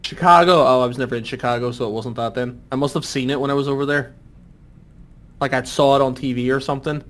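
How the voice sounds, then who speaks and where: A young Irish man chatting casually on a podcast, animated and swearing freely. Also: mid-range voice, fast. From Ireland. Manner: animated, swears freely, jumps into exaggerated voices. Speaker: podcast guest.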